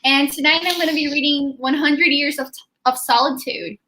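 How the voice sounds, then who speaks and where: A woman's voice: high-pitched, fairly even intonation, normal speed, sharp tone, slight background noise, rough recording. A woman in a casual chat over a video call, cheerful and laughing. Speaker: guest reader.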